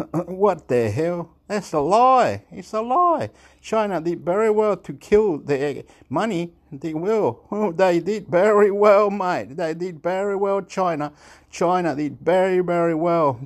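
A man talks off the cuff in a loose, wandering vlog monologue. His voice sits a touch higher than most men's, and he breaks into laughter and swearing as he jumps between ideas. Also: darkish tone. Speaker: vlogger. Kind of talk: rambling casual monologue.

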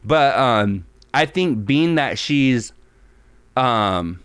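A man's voice: mid-range voice, lively intonation, drawn-out words, a bit bright, clear, resonant tone, dry recording. A man co-hosting a podcast in casual chat, loose and profane, rambling with lots of fillers. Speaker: podcast co-host.

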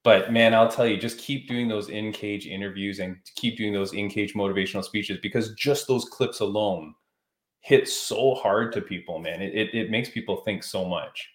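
Host: enthusiastic man with a lower voice, admiring questions, roomy echo. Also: fairly even intonation, normal speed. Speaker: podcast host. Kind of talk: casual interview talk.

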